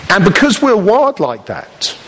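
A man preaches a sermon in a lively, swooping voice that sits a little high for a man. He tells the story with humour and acts out little voices along the way. A long reverb hangs behind him, as in a big hall. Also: measured pace.

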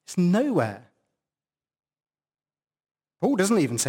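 A male preacher delivers a sermon at a church service, leaning hard on single words to drive them home. His voice sits a little high for a man and swings widely in pitch as he presses each point. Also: very animated, unhurried, a little mellow. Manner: emphatic, stressing single words.

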